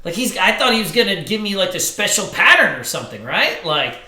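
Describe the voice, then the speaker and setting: A man's voice: high voice, a little fast. A man giving a live trading seminar to an audience, telling stories in a joking, profane way. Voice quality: animated, profane, joking storyteller. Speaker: trading instructor. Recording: roomy hall echo.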